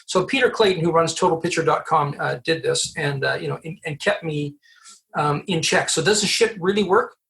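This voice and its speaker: A man from Canada, a recruiter guest on a podcast, telling animated stories with acted-out dialogue and frequent restarts. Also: on the high side, brisk, vocal fry. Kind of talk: storytelling interview answers.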